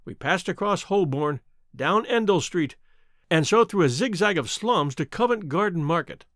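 A male narrator reads a classic mystery in measured, even tones. His voice sits high and moves with lively pitch changes. The recording is close and dry, with no room sound. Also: no echo. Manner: measured storytelling. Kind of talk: scripted audiobook narration.

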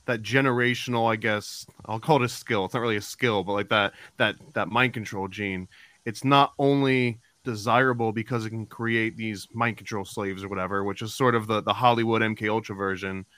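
A man's voice: fairly low pitch, steady tone, a little fast, fairly bright tone, no echo. A man hosting a podcast interview, asking long rambling questions full of fillers. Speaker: podcast host.

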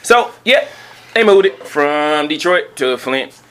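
A man's voice: a little high, lively intonation, slow, a crowd in the background. A man co-hosting a casual podcast, joking and laughing often as he banters with a friend. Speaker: podcast co-host.

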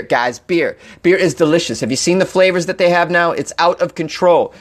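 A young adult man hosting a podcast, giving casual, comedic commentary on odd news stories in an animated, jokey way, often laughing and addressing his listeners directly. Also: on the high side, fairly quick, few pauses. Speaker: podcast host.

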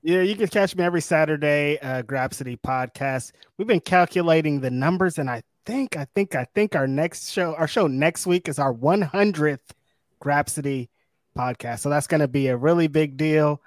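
A man co-hosting a wrestling podcast in a relaxed, agreeable way, chiming in with short affirmations. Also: a little high, normal speed, no room sound, studio quality. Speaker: podcast co-host. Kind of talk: casual chat.

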